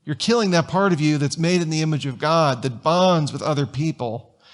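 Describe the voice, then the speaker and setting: A man's voice: fairly high pitch, moderate pace. A man pastor giving a conversational sermon in a church sanctuary, telling stories and firing off rhetorical questions.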